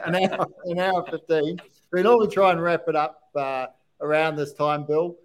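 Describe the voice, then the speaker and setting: A man's voice: fairly high pitch, fairly even intonation, normal speed, rough recording. Chatty Australian man hosting a podcast. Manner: chatty, agreeable, lots of "yeah". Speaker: podcast host. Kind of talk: casual podcast chat.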